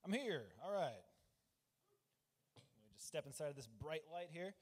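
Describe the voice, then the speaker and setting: A young man doing a rambling, deadpan, profane open-mic stand-up set on a club stage. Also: on the high side, normal speed. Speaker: stand-up comedian.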